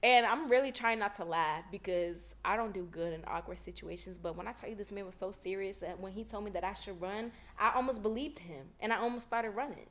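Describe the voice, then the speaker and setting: A woman hosting her own podcast, telling stories in a casual, slangy, animated way and laughing often. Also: mid-range voice, fairly quick, few pauses. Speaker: podcast host. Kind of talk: casual storytelling chat.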